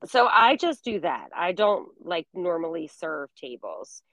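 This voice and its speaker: A woman's voice: lowish voice, big pitch swings, a little slow, a bit bright, no room sound, low-quality recording. A woman in her forties telling a story in casual chat, full of fillers. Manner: chatty storytelling, many fillers. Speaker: guest.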